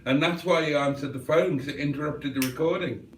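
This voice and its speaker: A man's voice: fairly high pitch, fairly quick, recorded from a distance, slight background noise. A man from England hosting a casual livestream, reading the chat aloud with cheeky banter. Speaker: livestream host.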